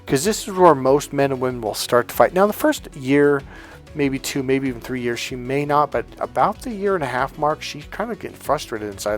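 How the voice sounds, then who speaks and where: Profane, animated male dating coach. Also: medium pitch, brisk, faint music behind. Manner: profane, animated, acts out quoted voices. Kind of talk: casual monologue.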